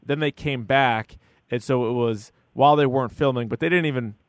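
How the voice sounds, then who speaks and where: Animated man chatting on a podcast. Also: brisk, no room sound, studio quality. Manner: animated, acts out quotes in a high voice. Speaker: podcast co-host. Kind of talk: casual chat.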